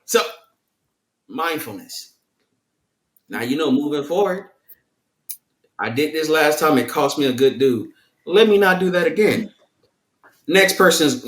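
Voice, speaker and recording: A man's voice: on the high side, a bit bright, reverberant. A man, a guest in a candid discussion who talks in a playful way and often restarts his sentences. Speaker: podcast guest.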